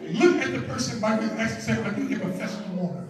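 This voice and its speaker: A male pastor preaching a sermon, building to shouted, chanted peaks and calling on the congregation to respond. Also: high voice, animated, fast talker, recorded from a distance, a loud crowd. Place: church sanctuary. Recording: echoey church hall miked from afar.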